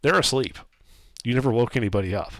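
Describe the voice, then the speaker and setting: A man narrating a tabletop game as game master, describing scenes in a lively, casual way with fillers. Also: medium pitch, fast, dry recording.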